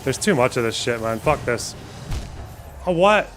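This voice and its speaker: A man's voice: mid-range voice, expressive, a little slow, a bit bright, soft background music. A young man streaming a game live, reacting with constant swearing and panicky running remarks. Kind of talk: live gameplay commentary.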